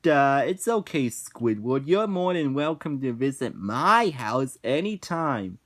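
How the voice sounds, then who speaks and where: A man's voice: mid-range voice, very animated, slow, a bit bright. A man quoting a cheerful, naive young cartoon sponge in a dopey voice, close to his own.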